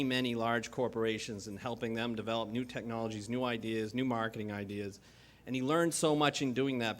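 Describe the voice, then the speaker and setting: A man hosting an event and introducing the keynote speaker in a conference hall, halting often as he talks. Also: medium pitch, a bit bright. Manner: halting, many fillers and restarts. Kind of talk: formal introduction speech.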